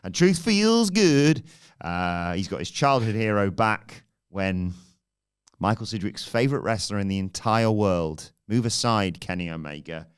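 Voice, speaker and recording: A man's voice: low voice, moderate pace, clear, resonant tone. A man hosting a wrestling podcast, giving a casual, rambling and jokey recap with self-deprecating asides.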